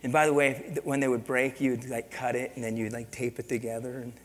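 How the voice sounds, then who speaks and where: A middle-aged male pastor preaching an animated story-driven sermon, his voice sitting at an ordinary middle pitch. He swings from quiet confiding lines up to loud shouts. The sound carries the long reverb of a church sanctuary. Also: brisk.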